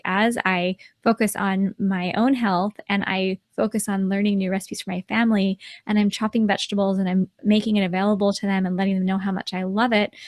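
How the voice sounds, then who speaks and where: A woman's voice: mid-range voice, no room sound. A woman in her forties co-hosting a talk show, speaking in a reflective, easygoing way with light laughs. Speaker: podcast co-host. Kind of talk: casual advice talk.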